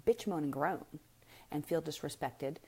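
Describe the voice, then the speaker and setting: A deep, slightly rough, dark-toned female voice speaks a little slowly. She's on a casual live stream giving viewers a blunt, emphatic parenting talk, asking rhetorical question after rhetorical question.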